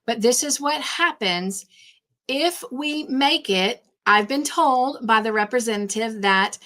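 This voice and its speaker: A woman's voice: a little high, lively intonation, slow pace, a bit bright. A woman hosting a craft livestream, chatting casually and rambling, repeating herself when nervous. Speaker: craft channel host.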